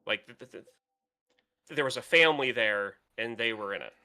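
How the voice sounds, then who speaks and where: A middle-aged man co-hosting a podcast in casual chat, halting and searching for his words. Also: mid-range voice, sharp tone. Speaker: podcast co-host.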